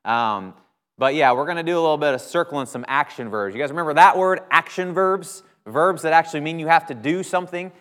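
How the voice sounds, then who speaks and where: A man's voice: fairly high pitch, fairly quick, fairly bright tone. Male minister, casual sermon delivery, stresses key words, chatty asides, long hall reverb. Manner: conversational preaching, emphatic stressed words, frequent "right?".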